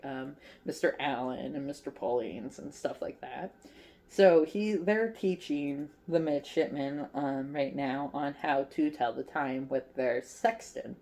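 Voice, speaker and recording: A woman's voice: low voice, mellow. A woman hosting her crochet channel, casually retelling a favorite movie in a chatty, rambling way with lots of fillers, acting out the characters' lines. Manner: playful, acts out characters' lines.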